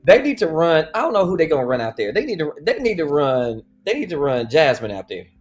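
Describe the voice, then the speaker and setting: A man with a fairly high voice arguing in a podcast discussion, acting out speeches to make his point. Faint music runs underneath. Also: sing-song, quick pace. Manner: argumentative, acts out speeches. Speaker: podcast co-host. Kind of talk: casual commentary.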